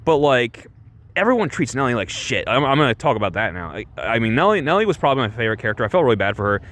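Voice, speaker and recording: A man's voice: medium pitch, big pitch swings, racing, a bit bright. A man giving a casual, rambling movie review, full of restarts and fillers, who swears freely.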